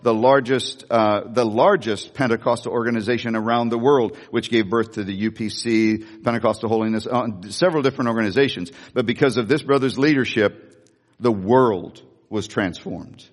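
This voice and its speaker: A man's voice: mid-range voice, steady tone, fairly quick. Older man preaching, folksy, in a big echoing hall. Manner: folksy storytelling with repeated restarts. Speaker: pastor. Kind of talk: sermon. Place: church sanctuary.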